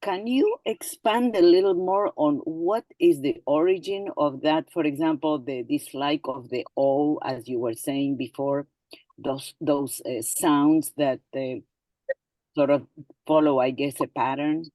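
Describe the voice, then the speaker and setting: A woman's voice: low voice, measured pace, warm tone, no room sound, rough recording. A woman in an online class asks the teacher a question. She hesitates and searches for her words as she goes. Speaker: participant asking a question. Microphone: video call.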